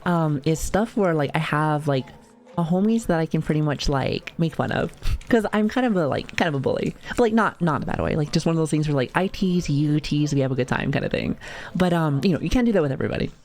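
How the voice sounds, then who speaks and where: A woman's voice: low-pitched, fairly quick, a little mellow. A woman in her thirties chatting casually on a livestream, rambling with lots of "like", swearing and laughing, acting out quotes from her family. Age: 30s. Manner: acts out quoted voices of family. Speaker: streamer.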